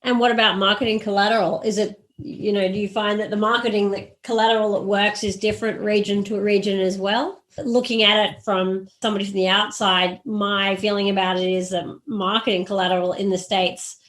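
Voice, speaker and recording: A woman from Australia hosts the conversation, framing her questions carefully and at length before handing over to her guest. Her voice sits at a middle pitch and stays even and unhurried. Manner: measured, thoughtful questioning. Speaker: podcast host. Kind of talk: conversational interview.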